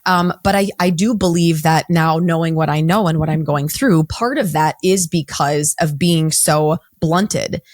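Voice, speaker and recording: A woman in her forties, a counselor speaking as an interview guest, talking bluntly in quick bursts with frequent restarts. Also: sits low, dry recording, studio quality. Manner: blunt, unapologetic, talks fast in bursts with many restarts. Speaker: guest, mental health counselor. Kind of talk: candid interview conversation.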